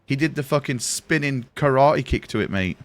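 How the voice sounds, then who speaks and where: A man's voice: mid-range voice, lively intonation, moderate pace, no echo. A young man streaming a game live, rambling and swearing as he tells stories to friends. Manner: rambling, swears, chatty storyteller. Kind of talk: casual live-stream chat while gaming.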